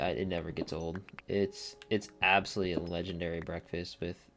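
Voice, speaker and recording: A man's voice: sits low, level tone, fairly quick, few pauses, a bit bright, soft background music. A young man chatting casually and rambling while playing a game, dropping slang as he goes. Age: young adult. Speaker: let's play gamer. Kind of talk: casual gameplay commentary.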